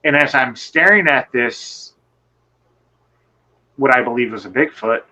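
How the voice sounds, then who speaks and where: A man telling a personal encounter story in casual conversation, rambling and animated, swearing and acting out what people said. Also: mid-range voice, unhurried, low-quality recording. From Michigan. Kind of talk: casual storytelling on a live show.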